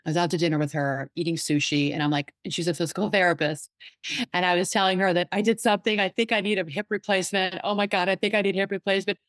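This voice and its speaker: A woman psychotherapist and life coach talking in a casual interview, animated and storytelling, acting out what others said. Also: low-pitched, no room sound. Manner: animated storyteller, acts out quoted voices.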